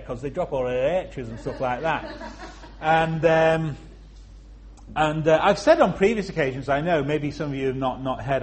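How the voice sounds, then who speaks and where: Preaching at a church service, this man from Liverpool, England, has only a faint trace of his hometown accent. His delivery is expressive: he slows to stress certain phrases, leaps high in pitch for emphasis, and slips in funny asides.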